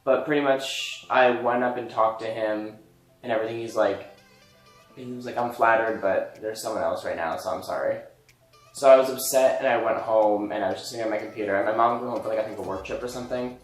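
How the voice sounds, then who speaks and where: A man's voice: mid-range voice, fairly even intonation, quick pace. A young man telling a personal story in a casual chat, rambling and full of "like". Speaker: co-host. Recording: echoey room with faint music.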